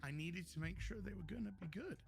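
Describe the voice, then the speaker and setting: A man with a gravelly, fairly high voice chats casually and rambles on a group call. He jokes and drifts into mock-posh asides. Music plays clearly underneath. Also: fast. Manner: jokey, rambling, mock-posh waiter bits.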